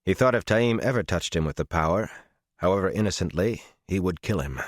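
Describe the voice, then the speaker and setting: Deep-voiced male audiobook narrator. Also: lively intonation, no room sound, clean studio sound. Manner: measured, dramatic storytelling. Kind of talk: scripted fantasy audiobook narration.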